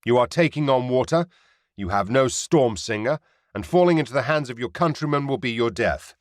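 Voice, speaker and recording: A man's voice: medium pitch, lively intonation, a little fast, no room sound, clean studio sound, pitched above the performer's own voice, close to an everyday voice. A man voicing a young privateer captain in an audiobook, giving firm, formal commands. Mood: stern. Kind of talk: audiobook character voice.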